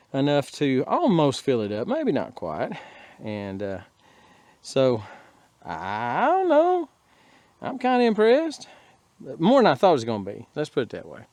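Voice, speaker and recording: A man's voice: medium pitch, a little mellow, no room sound. A middle-aged man with a Texan accent, chatting folksily outdoors in his garden as he digs and shows his harvest. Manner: folksy, rambling, chuckles while talking. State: a little winded. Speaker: gardening vlogger. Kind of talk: casual outdoor garden vlog.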